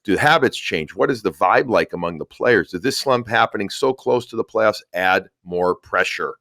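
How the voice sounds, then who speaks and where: A man's voice: fairly low pitch, lively intonation, normal speed, a bit bright, dry recording, studio quality. A man hosting a sports podcast, chatting casually and reading out listener questions. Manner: conversational, reads questions aloud. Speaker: podcast host.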